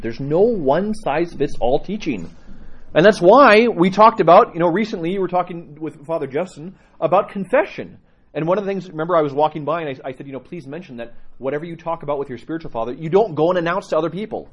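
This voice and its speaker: A man's voice: a little high, husky, dull audio. A man who is a priest, giving a conversational teaching talk to his congregation and telling stories with laughs along the way. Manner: conversational, animated storyteller with laughs.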